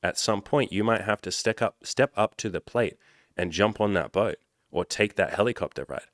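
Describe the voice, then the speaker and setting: A man in his thirties, a life coach, giving a blunt, animated motivational talk. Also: fairly low pitch, normal speed, no echo, studio quality. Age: 30s. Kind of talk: motivational vlog monologue.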